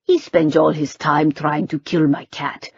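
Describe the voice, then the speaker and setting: A woman voicing a sharp-tongued older witch and mother, mocking and shrill. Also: level tone, a little slow, vocal fry, husky, dry recording, dull audio, exaggerated voice. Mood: scolding. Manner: mocking, shrill, sing-song.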